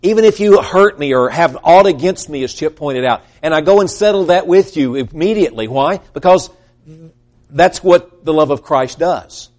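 Male preacher, slightly high voice, earnest sermon delivery, acts out the voices he quotes. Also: animated, normal speed. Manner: earnest, rising to emphatic peaks, trailing off quietly.

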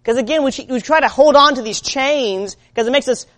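A woman preaching a sermon in an earnest way. She moves between loud urging and quiet, low-spoken lines. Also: brisk.

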